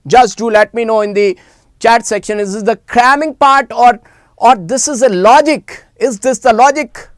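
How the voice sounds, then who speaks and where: Slow, animated chemistry teacher. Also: male voice, high voice, no echo. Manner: animated, repeats phrases, coaxes students to answer in chat. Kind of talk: live online exam-prep class.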